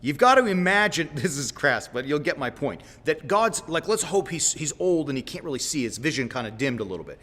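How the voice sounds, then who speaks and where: Preaching informally on a Christian livestream, a man talks a little fast with few pauses, his slightly high, fairly bright voice swinging widely in pitch. Folksy and direct, he rambles, says "right?" again and again, and keeps correcting himself and apologizing; the roomy space adds long reverb.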